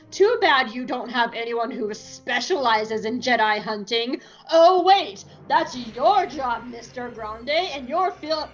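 A woman's voice: sits high, fairly bright tone, muffled recording, voice pushed up. A woman voicing a cold, stern male imperial commander who scolds his staff in a clipped, mocking way.

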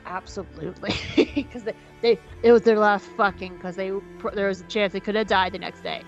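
A woman's voice: mid-range voice, steady tone, soft background music. Woman on a podcast running through an episode, swears a lot, does little voices for everyone, kinda dull lo-fi sound. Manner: playful and profane, acting out characters' lines in quick bits. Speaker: podcast co-host. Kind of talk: casual episode recap.

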